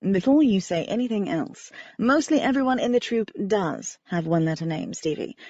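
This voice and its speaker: A woman's voice: mid-range voice, lively intonation, moderate pace, darkish tone, dry recording, lo-fi sound. A woman voicing a blunt male spy who talks in a dry, chiding way.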